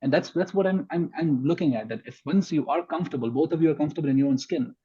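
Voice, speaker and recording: Man, podcast guest, mellow husky voice, emphatic debater, slightly muffled recording. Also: fairly high pitch, fast talker. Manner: emphatic, argues point by point. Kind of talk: conversational podcast discussion.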